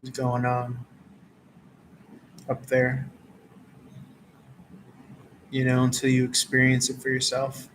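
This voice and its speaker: Laid-back, monotone man rambling by a campfire. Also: mid-range voice, slow, long pauses, a little hiss or hum, low-quality recording. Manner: laid-back, meandering, many fillers. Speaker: tarot reader. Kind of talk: casual rambling chat. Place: outdoors around a campfire.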